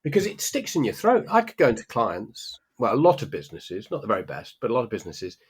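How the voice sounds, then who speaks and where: A man co-hosts a casual podcast, with a husky, slightly low voice. He cracks wry jokes and spins long anecdotes at his own pace. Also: wildly swooping pitch, fast. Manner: wry, jokey asides and long storytelling riffs. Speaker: podcast co-host. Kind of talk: casual chat.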